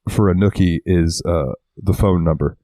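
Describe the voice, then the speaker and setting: A man's voice: deep voice, normal speed, dark tone, no room sound. A man co-hosting a casual podcast, rambling and swearing freely, acting out little quotes as he talks. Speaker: podcast co-host. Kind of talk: casual chat.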